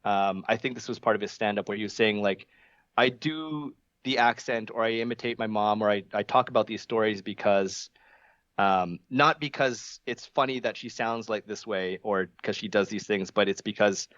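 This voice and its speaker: A man's voice: lowish voice, moderate pace, a bit bright, no echo, dull audio. A man co-hosting a podcast, talking casually with lots of restarts and fillers. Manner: hesitant, many restarts and fillers. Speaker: podcast co-host. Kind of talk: casual discussion.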